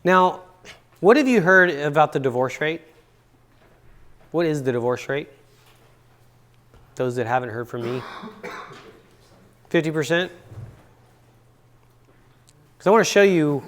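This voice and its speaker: A man's voice: a little high, expressive, measured pace, long pauses, a bit bright. A middle-aged man giving a relationship seminar to an audience, chatty and repeating words for emphasis. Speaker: seminar speaker and counselor. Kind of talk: relaxed seminar talk with stories. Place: university seminar room.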